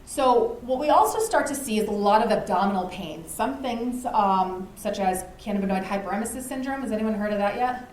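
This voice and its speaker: A woman's voice: mid-range voice, brisk, darkish tone. Chatty woman lecturing in an echoey room. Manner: conversational, uses "right?" often, acts out anecdotes. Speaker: speaker at a community lunch talk. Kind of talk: informal educational talk. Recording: echoey room with faint noise.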